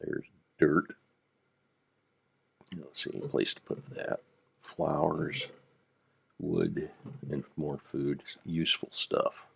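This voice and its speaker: An older man with a gravelly voice, rambling through casual gameplay commentary with dry dad jokes. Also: very deep voice, steady tone, takes it slowly, pauses often, fairly bright tone. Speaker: Minecraft let's player.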